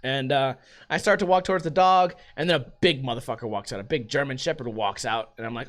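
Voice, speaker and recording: A man's voice: mid-range voice, fast, a bit bright. A man hosting a casual solo podcast from home, rambling and swearing often. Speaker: podcast host.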